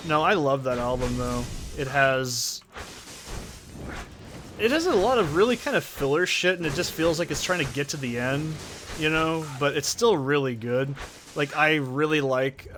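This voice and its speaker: A man's voice: fairly high pitch, lively intonation, normal speed, background noise. Profane, rambling gaming commentator man. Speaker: gaming channel host. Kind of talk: let's play commentary, casual chat.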